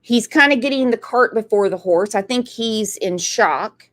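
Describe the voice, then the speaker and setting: A woman's voice: a little high, measured pace, fairly bright tone. A woman hosting a true crime channel, talking through a case in a conversational, emphatic way and repeating points for stress. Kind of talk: casual true crime commentary.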